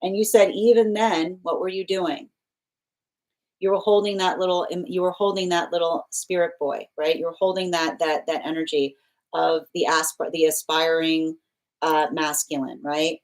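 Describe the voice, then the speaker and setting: A woman's voice: fairly low pitch, steady tone, normal speed, low-quality recording. A woman giving a live tarot dream reading in an earnest, flowing way, often checking in with "right?" and leaning on spiritual phrases. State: choked up with emotion. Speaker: tarot reader.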